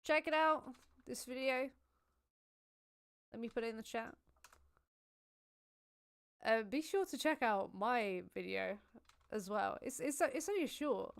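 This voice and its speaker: Brief: woman livestream host, loose chatty delivery, smooth voice with a gravelly fry. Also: on the high side, unhurried, pauses often. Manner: giggly, chatty, thanking viewers. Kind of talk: casual livestream chat.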